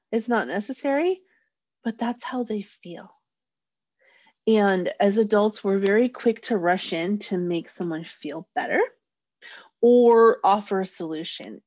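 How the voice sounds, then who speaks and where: A woman's voice: medium pitch, a little mellow, dry recording. A woman giving a casual parenting workshop, explaining how to validate children's feelings and acting out short parent and child lines in a lifted voice. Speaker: parenting educator. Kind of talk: informal parenting workshop talk. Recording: dull lo-fi dry sound.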